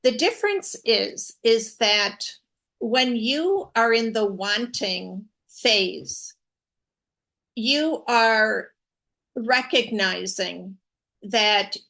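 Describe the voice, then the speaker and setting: A woman co-hosts a live spiritual talk show. She teaches slowly and earnestly, leaning on repeated words for emphasis. Her voice sits a little high. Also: a bit bright. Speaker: co-host.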